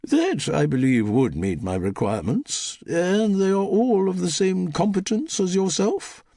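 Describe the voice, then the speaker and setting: A man's voice: high voice, very animated, unhurried, vocal fry, mellow, no room sound, clean studio sound, pitched above the performer's own voice, exaggerated voice. A man putting on a haughty old duchess. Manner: haughty, pompous, clipped. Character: imperious elderly aristocratic dowager duchess, woman.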